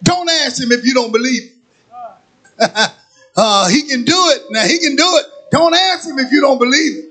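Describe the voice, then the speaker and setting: A man preaching a sermon, using call-and-response and chanting as his preaching builds to shouts in a church sanctuary. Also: very high-pitched, expressive, moderate pace. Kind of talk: whooping sermon.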